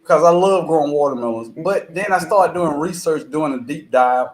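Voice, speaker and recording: A man joins a live stream as a guest over a video call. His voice sits a little high and carries a roomy echo. He talks in an easygoing, plain-spoken way. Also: moderate pace. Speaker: guest gardener. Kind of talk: casual interview chat on a live stream.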